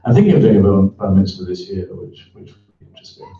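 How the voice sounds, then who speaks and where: A middle-aged man, speaking as an author in a reflective interview, frank and thoughtful with many pauses and restarts. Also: low voice, animated. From England. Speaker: author and columnist. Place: event hall before an audience. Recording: echoey, distant, dull event recording.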